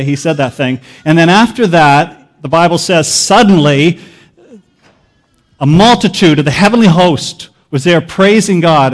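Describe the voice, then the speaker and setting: A man preaching a sermon to a church, casual and joking in a teacherly way. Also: fairly high pitch. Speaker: pastor. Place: church sanctuary.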